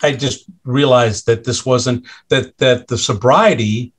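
A middle-aged man sits in as a guest and tells a story from his own life, openly and in plain words. He stops and restarts often, leans on fillers, and slips into quoted voices to act out the people in the story. His pitch sits in the ordinary middle range for a man. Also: fairly even intonation. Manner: halting, with frequent restarts and fillers; acts out others' lines in quoted voices. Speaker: podcast guest. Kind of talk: candid conversational storytelling.

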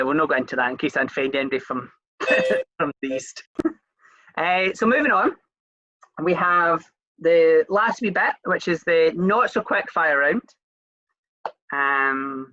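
Scottish host, rambling casual interviewer, crisp bright tone, dry slightly lo-fi sound. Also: medium pitch, animated, moderate pace, dry recording. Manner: chatty, rambling, many fillers and restarts.

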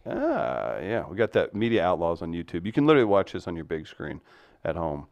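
A man's voice: low voice, wildly swooping pitch, a little fast, creaky, a little mellow, dry recording. A man hosting a casual live stream, reading out viewer comments with a loose, jokey manner and frequent laughs. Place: small studio room.

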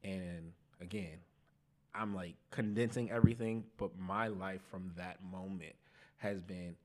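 A young man on a podcast, telling his life testimony in casual slang, animated and laughing at himself. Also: sits low, unhurried. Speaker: podcast guest.

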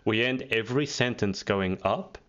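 A man's voice: on the low side, normal speed, a bit bright. A man hosting a casual live-stream pageant interview over a video call, chatty and teasing as he reads out viewer comments. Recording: dull lo-fi video call audio.

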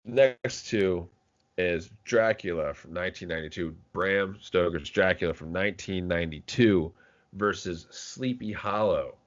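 A man's voice: low voice, a little slow. A man co-hosting a podcast, chatting casually about movies, rambling with frequent restarts and casual swearing. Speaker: podcast co-host. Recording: dull lo-fi podcast audio.

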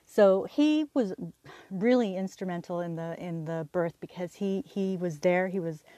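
A woman hosting a podcast, telling a personal story candidly, halting with fillers and restarts and acting out the dialogue. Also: on the low side, mellow, no room sound. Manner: acts out quoted dialogue. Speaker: podcast host.

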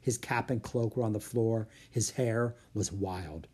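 A reader narrating a children's storybook aloud with an expressive, lively delivery. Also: medium pitch, unhurried, breathy edge. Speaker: audiobook reader.

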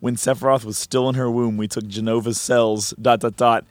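A boastful older mad scientist from a video game, read aloud by a man. The delivery is a plain reading in a mid-pitched male voice, recorded close and dry. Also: flat delivery, normal speed, no room sound, natural voice. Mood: gloating. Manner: reads game text aloud, adding the punctuation.

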